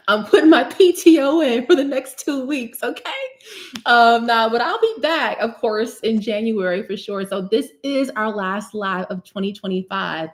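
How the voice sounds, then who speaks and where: A woman's voice: a little high, moderate pace. Casting note: young New woman, chatty livestream host who laughs easily and answers comments. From Newark, New Jersey. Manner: warm, chatty, laughs often and jokes with viewers. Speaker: cosmetic chemist hosting a live hair-care Q&A. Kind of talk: casual livestream chat, reading comments.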